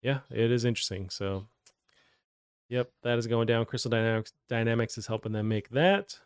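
A man's voice: medium pitch, moderate pace, smooth, no echo, studio quality. A man hosting a gaming news show, talking in a loose, rambling way with many fillers. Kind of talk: casual gaming news chat.

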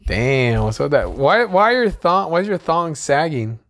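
A man's voice: a little high, very animated, moderate pace, a bit bright. Male podcast co-host, casual, crude humor, lots of swearing. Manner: crude, joking, swears a lot. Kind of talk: casual chat.

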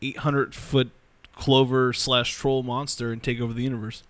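A man co-hosting a podcast in casual chat, excitedly rambling and swearing. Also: mid-range voice, moderate pace, dry recording. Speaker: podcast co-host.

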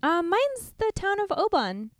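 A woman's voice: very high voice, big pitch swings, a little slow, slight background noise. A woman in her thirties from California co-hosting a casual travel podcast, playful and teasing, laughing easily. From California, USA. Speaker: podcast co-host.

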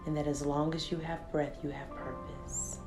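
A woman podcast host guiding a slow, soothing meditation with affirmations, then giving the show's closing. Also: low-pitched, level tone, over music. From Texas. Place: studio with a live audience.

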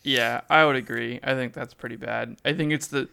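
A man's voice: medium pitch, steady tone, brisk, creaky, pushed and bright, clean tone. A man co-hosting a podcast, chatting casually with wry, joking reactions. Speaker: podcast co-host. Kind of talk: casual chat.

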